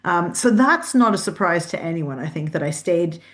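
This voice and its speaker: This Canadian-accented woman answers interview questions chattily on a video call, with lots of fillers and false starts. Her voice is on the low side and animated, at a normal speed.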